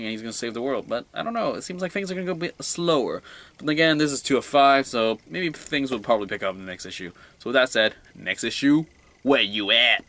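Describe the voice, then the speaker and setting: A young man giving a casual solo comic book review, rambling and excitable, often trailing off quietly. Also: fairly low pitch.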